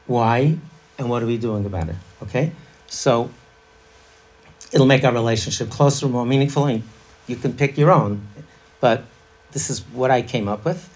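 A man's voice: mid-range voice, normal speed, long pauses, darkish tone. A middle-aged man leading an interactive parenting workshop, chatty and laughing, quizzing a live audience.

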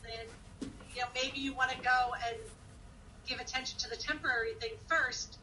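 Female participant, high bright voice, tentative, off-mic with faint hiss. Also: steady tone, moderate pace, far from the mic, poor audio. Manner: tentative, thinking aloud. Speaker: class participant. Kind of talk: casual class discussion.

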